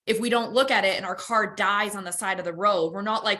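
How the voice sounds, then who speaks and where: Bright, chatty woman co-host. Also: medium pitch, steady tone, fairly quick, hardly any pauses. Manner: chatty, uses car analogies, laughs at herself. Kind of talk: casual motivational talk.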